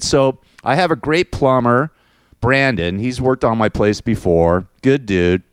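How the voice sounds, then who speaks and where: A man's voice: mid-range voice, expressive, moderate pace, clean tone, no echo, clean studio sound. A middle-aged man hosting his own show, venting in a rambling, crude, casual monologue full of restarts and "man". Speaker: podcast host.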